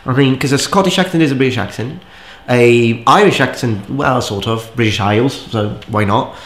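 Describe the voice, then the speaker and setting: A man's voice: mid-range voice, normal speed, fairly bright tone. Man, casual gaming co-host, talkative explainer, echoey room sound. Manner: chatty, explanatory, laughs often. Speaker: co-player and commentator.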